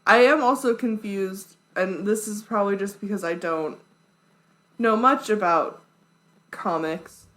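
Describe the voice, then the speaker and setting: A woman's voice: mid-range voice, unhurried, fairly bright tone, rough recording. Chatty female podcast co-host. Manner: chatty, peppered with "like", dry quips. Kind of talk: casual chat.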